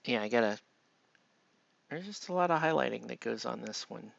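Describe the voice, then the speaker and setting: A man with a gravelly, creaky voice chats casually on a live stream as he paints, murmuring half to himself and talking to viewers between brushstrokes. The audio is dry and close, with a dull, lo-fi tone. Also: medium pitch, animated, normal speed, no room sound.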